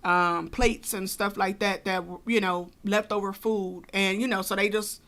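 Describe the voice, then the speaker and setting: A woman's voice: mid-range voice, fairly even intonation, normal speed, a bit bright. A woman co-hosting a podcast, telling a personal story casually with many fillers and asides. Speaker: podcast co-host.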